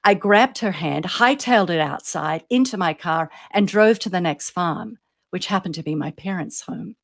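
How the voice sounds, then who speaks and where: An author reads her own story aloud in a fairly low woman's voice. She builds suspense, lifting for the tense moments and letting each phrase sink softly at the end. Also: animated, moderate pace.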